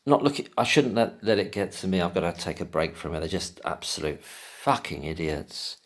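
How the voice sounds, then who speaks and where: An agitated man rants on his own, swearing freely and tripping over restarts as his words tumble out. His voice sits on the lower side. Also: expressive, moderate pace. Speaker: commentator. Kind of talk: angry solo rant to camera.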